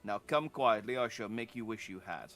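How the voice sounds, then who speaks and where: A man's voice: lowish voice, normal speed, fairly bright tone. A man reading the lines of a stern male guard captain from a game in a firm, formal way.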